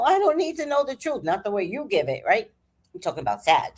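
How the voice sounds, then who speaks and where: An older woman hosting a casual stream, telling animated stories with laughter and blunt swearing. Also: high voice, moderate pace. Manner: animated, laughing, salty-tongued storyteller. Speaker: livestream host. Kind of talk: casual chat.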